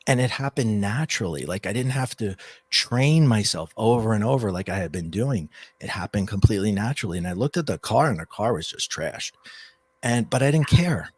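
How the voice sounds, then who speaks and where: A middle-aged man, a guest coach and author, telling a personal story in a rambling, animated way with frequent restarts. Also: on the low side, fairly quick, breathy edge, no room sound. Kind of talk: storytelling in an interview.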